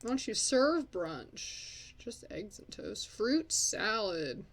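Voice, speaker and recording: A young woman gives casual, chatty commentary while playing a life-sim game. She scolds and swears at her characters as she goes, at an ordinary middle pitch. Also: very animated, takes it slowly. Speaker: let's play host.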